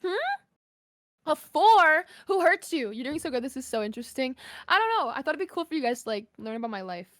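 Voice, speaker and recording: Chatty young woman streamer, high voice, dry close mic, quick asides to chat. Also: expressive, fairly bright tone, no room sound. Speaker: streamer guest. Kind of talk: casual livestream chat.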